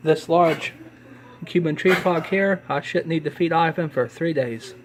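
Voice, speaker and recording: A congested man, sick for days, casually narrating as he films and feeds his pets at home, with relaxed, chatty talk and apologetic asides. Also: a little high, a little slow, background noise. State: congested from illness. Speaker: pet keeper filming his animals. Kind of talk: casual narration while filming. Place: home, dimly lit room with tanks.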